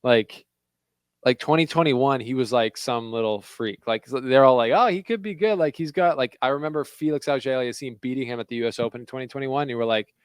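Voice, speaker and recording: Smooth-voiced Canadian man chatting. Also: medium pitch, steady tone, fairly quick, no room sound. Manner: chatty, loose, full of "like" fillers. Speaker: podcast co-host. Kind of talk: casual chat.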